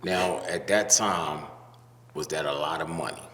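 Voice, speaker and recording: Slow laid-back male interviewer. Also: very deep voice, fairly bright tone, a little hiss or hum. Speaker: podcast host. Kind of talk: casual interview. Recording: echoey room with reverb.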